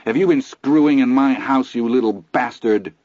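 A man narrator voicing a blustering, beaten-down middle-aged father, gruff, hurt and blundering. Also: on the low side, brisk, no room sound, lo-fi sound.

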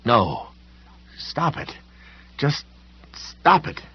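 A shaken, frightened man pleads and mutters in a strained voice, as a male narrator plays him. His voice is husky. The audiobook recording is a little dull. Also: fairly low pitch, huge pitch swings, normal speed, full character voice. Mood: panicked.

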